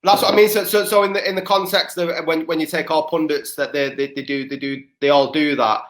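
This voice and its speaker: A man's voice: on the high side, fairly even intonation, fairly quick, fairly bright tone. A young man, co-hosting a podcast and telling rambling, sweary stories full of restarts. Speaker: podcast co-host. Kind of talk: casual chat.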